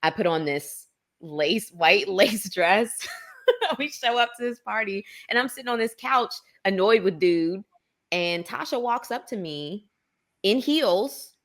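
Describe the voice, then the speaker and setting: A woman in her thirties, a podcast guest, telling stories in casual chat and acting out other people's lines in a higher voice. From Maryland, USA. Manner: animated storyteller, acts out quoted lines in a higher voice.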